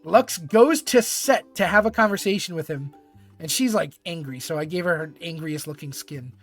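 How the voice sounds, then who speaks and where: A man with a high, bright-edged voice hosts a live stream, cracking jokes and swearing freely as he recaps. Faint music plays quietly beneath his talk. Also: normal speed. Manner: profane, joking, laughs often. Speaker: streamer host. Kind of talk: casual live-stream commentary.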